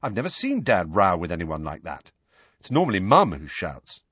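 A man's voice: deep voice, wildly swooping pitch, normal speed, a bit bright, breathy edge, no echo, highs cut off, heavily acted. A man voicing a smirking teenage boy, a joking twin, in an audiobook. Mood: wry. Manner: wry, smirking. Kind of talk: audiobook character voice.

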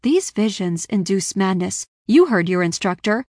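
A woman reading a cold, unsympathetic young woman stranger in an audiobook, speaking in a forceful, commanding way. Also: medium pitch, expressive, moderate pace, no echo, clean studio sound, natural voice. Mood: threatening. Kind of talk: audiobook character voice.

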